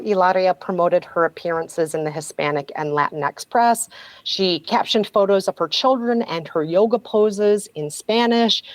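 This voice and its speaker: A woman's voice: on the low side, no room sound, low-quality recording. A woman guest on a podcast, telling a story in a sardonic, casual way and laughing often.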